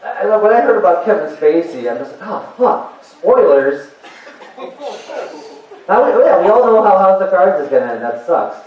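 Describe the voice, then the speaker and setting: Rambling, animated man in an echoey hall. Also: sits high, fast, few pauses, slight background noise. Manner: chatty, rambling and animated, with frequent fillers and self-laughs. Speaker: stand-up comedian. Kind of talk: stand-up comedy set. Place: convention stage with a live audience. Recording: very echoey, distant, muffled hall recording.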